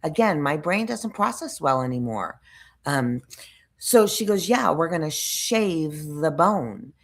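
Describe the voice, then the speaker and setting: A woman's voice: deep voice, expressive, takes it slowly. A woman vlogger telling a story in a casual, rambling way, frustrated, restarting sentences and searching for words. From United States.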